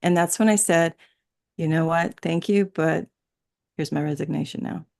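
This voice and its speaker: She has a low, slightly mellow voice with vocal fry, fairly even intonation, and a moderate pace. As a guest in an easygoing spiritual discussion, she meanders, laughs a lot, and frequently restarts what she's saying.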